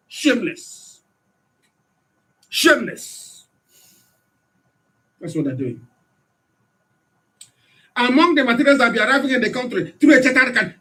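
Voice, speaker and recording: A radio broadcaster with a Nigerian accent and an extremely high-pitched voice delivers an impassioned political address. He hectors listeners with rhetorical questions and at times shouts.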